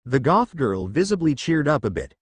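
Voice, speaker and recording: Brief: man narrating fan fiction, expressive, mid pitch. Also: moderate pace, breathy edge, dry recording. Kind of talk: reading fan fiction aloud.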